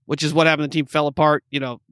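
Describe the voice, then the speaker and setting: A man's voice: a little high, flat delivery, very fast, fairly bright tone, smooth, dry recording, studio quality. A man co-hosting a casual sports podcast, rambling with lots of fillers and restarts. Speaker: podcast co-host.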